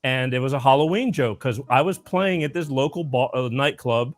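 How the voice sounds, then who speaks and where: A man's voice: mid-range voice, moderate pace. A man hosting a casual talk show, rambling through stories with lots of restarts. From Florida. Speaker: host. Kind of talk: casual chat.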